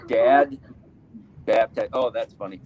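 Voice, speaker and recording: A man's voice: medium pitch, slow, dull audio, slight background noise. A man, doing a rambling live stand-up set, cutting himself off and laughing at his own jokes. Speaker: stand-up comedian.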